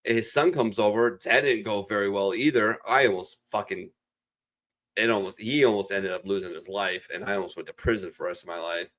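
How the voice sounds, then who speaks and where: Low-voiced, profane rambling man. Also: a little fast, a bit bright. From Ohio region. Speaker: podcast regular. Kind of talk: casual chat.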